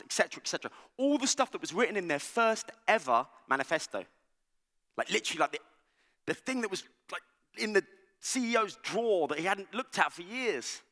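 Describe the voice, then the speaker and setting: Lively bright-voiced man on stage. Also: high voice, in a large hall. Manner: animated, joking, conversational with frequent "right?". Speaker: conference speaker. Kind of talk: keynote talk. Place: large conference hall.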